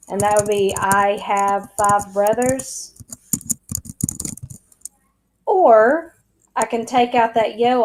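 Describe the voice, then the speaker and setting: A woman teaching a recorded lesson in a brisk, direct way, with light jokes. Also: medium pitch, a little mellow, slight background noise, poor audio. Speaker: Spanish teacher.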